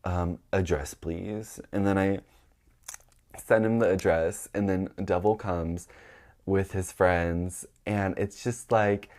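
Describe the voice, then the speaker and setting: A young man telling a party story in casual chat, filling it with "like" and acting out the quotes in high, excited voices. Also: slow pace. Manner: chatty, heavy use of "like", acts out quotes in high excited voices.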